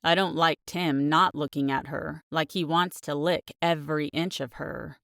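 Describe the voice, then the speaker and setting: A woman's voice: sits low, steady tone, a little slow, vocal fry, fairly bright tone, dry recording, studio quality, pitched below the performer's own voice, heavily acted. Woman voicing a brooding young male football player. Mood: brooding, sour. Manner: blunt, crude, grumbling. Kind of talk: audiobook narration.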